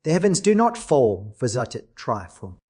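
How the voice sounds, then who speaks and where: A man reading a classic novel as an audiobook narrator in a measured, dramatic way. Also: medium pitch, very animated, darkish tone, slightly rough.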